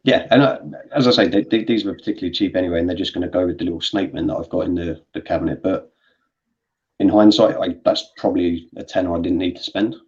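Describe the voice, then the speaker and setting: A man talking toys in a quick, low-pitched ramble, full of false starts. The sound is muffled and lo-fi, like a call. He keeps it casual and chatty. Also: a little mellow. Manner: rambling, restarts often. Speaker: toy collector stream co-host. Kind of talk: casual chat.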